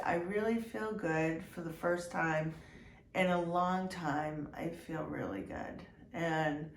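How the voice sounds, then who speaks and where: Slow, congested woman vlogging. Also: fairly low pitch. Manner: slow, open and heartfelt, with many ums and restarts. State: congested from a cold. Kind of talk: casual personal update to viewers. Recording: echoey room with faint noise.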